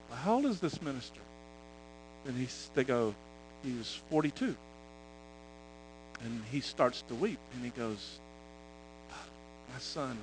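A man's voice: medium pitch, fairly bright tone, rough recording. Man telling a sermon story. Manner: conversational, halting, many restarts. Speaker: preacher.

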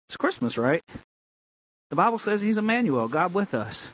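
High-voiced man preaching with emphatic swings. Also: very animated, low-quality recording. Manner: emphatic preaching with sudden high, drawn-out lines; drops to a low, conversational tone for asides. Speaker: pastor. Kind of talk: sermon.

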